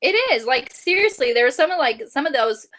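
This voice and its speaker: A woman's voice: high voice, lively intonation, fairly quick, a bit bright. A woman co-hosting a casual book club chat. She is chatty, giggles often and fills her speech with "like" and "you know".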